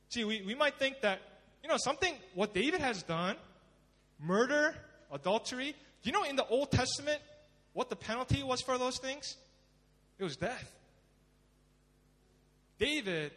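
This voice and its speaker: Male pastor, high voice, dramatic sermon delivery, long hall reverb. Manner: dramatic, swings from loud emphasis to hushed pleading.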